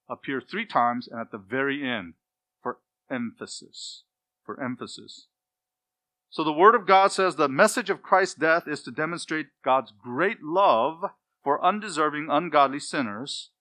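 A man preaching an expository sermon, stressing key words by repeating them and dropping to quiet asides. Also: a little high, expressive, normal speed, no room sound. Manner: emphatic, repeats key words, swings between loud stress and hushed asides. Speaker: pastor.

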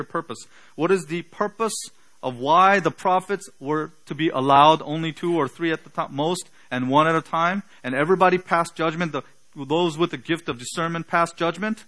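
Guy giving a sermon, gets loud and punchy then drops way down soft at the ends. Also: fairly high pitch, moderate pace, low-quality recording. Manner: emphatic, rises to loud peaks for stress; trails off quietly at phrase ends. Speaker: preacher.

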